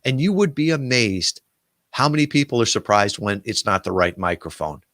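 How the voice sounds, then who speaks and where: A man who runs a podcast guest agency, telling a story and giving casual advice with lively, filler-filled delivery. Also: on the low side, normal speed, dry recording, clean studio sound. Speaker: podcast booking agency owner.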